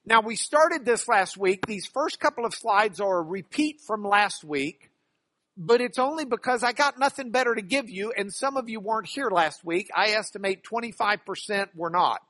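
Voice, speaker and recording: A man's voice: high voice, lively intonation, moderate pace, pushed and bright, dry recording. A man who works as a trial lawyer teaching a class from slides, folksy and emphatic, with joking asides.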